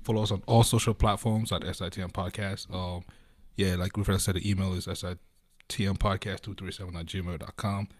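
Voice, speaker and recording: A man's voice: low-pitched, little pitch movement, brisk, dry recording, clean studio sound. A man co-hosting a podcast, easygoing and repetitive as he asks listeners to subscribe. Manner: easygoing, repeats himself, calls for subscribers. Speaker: podcast co-host. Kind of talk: casual chat.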